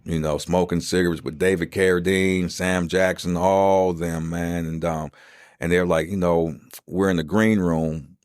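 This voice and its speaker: A man's voice: deep voice, level tone, measured pace, a little mellow, no room sound, clean studio sound. A middle-aged man hosting a podcast, telling his life story in casual streetwise slang and acting out the voices of the people he quotes.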